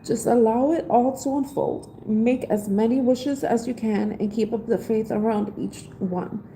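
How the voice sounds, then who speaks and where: A woman with a mellow, warm voice hosts a live tarot reading. Her tone is casual and heartfelt as she offers spiritual encouragement. A faint hum of noise sits behind her. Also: fairly high pitch, steady tone, measured pace, rough recording. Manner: reads aloud from an oracle book, then explains in her own words. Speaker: tarot reader.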